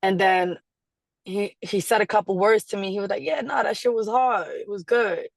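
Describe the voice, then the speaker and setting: A woman being interviewed, telling a story in a casual, animated way, acting out quotes and laughing often. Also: medium pitch, moderate pace, creaky, no room sound. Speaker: guest artist.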